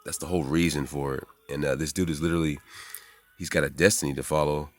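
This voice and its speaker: A man in his forties, rambling excitedly and profanely in a casual monologue, jumping into high voices when he quotes people. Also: fast talker. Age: 40s. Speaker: spiritual vlogger.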